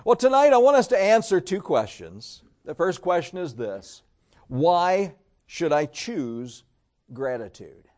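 High-voiced preacher telling stories. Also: male voice, sing-song, unhurried, darkish tone. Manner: storytelling with folksy jokes. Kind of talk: sermon.

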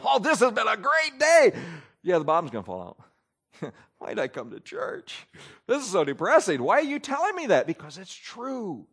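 A man delivers a folksy sermon in a fairly high voice. His pitch leaps and dips all the time, with loud bursts and soft asides. He retells scripture in an animated, plainspoken way. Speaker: pastor.

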